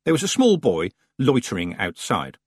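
A man reading a story aloud as an audiobook narrator, in an expressive storytelling manner, close to the mic. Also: on the low side, moderate pace, breathy edge, no echo. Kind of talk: scripted narration.

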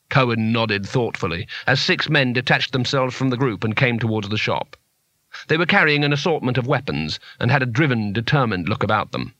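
A man narrating a fantasy story in a measured, expressive storytelling manner. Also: medium pitch, no echo. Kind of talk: audiobook narration.

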